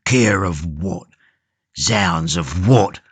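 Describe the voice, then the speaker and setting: A man voicing a gruff, suspicious old male gaoler who roars and bullies. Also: sits low, expressive, extremely slow, dry recording, voice pushed down, exaggerated voice. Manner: blustering, roaring.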